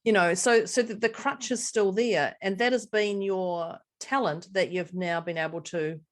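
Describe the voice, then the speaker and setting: A middle-aged woman, co-hosting a podcast in casual chat, a lively storyteller who laughs often. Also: medium pitch, normal speed. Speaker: podcast co-host.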